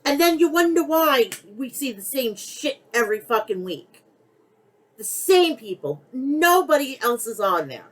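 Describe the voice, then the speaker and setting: High-pitched with big swings in pitch and a slightly slow delivery, a middle-aged podcast host rants heatedly and bluntly about pro wrestling, cursing heavily, in a poor recording.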